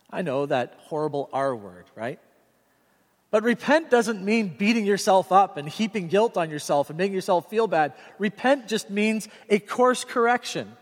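A middle-aged man preaching a sermon as pastor, earnest and direct, telling stories with animation. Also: high-pitched. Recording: reverberant hall sound.

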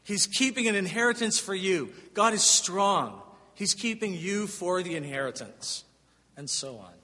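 A man's voice: high voice, expressive, a little slow, pushed and bright. A man preaching a sermon as pastor, emphatic and conversational, asking the congregation rhetorical questions. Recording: long hall reverb.

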